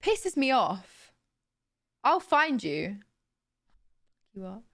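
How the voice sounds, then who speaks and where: A woman's voice: on the high side, sing-song, extremely slow, a bit bright. A young woman streamer in casual live-stream chat, laughing often and reading out chat messages.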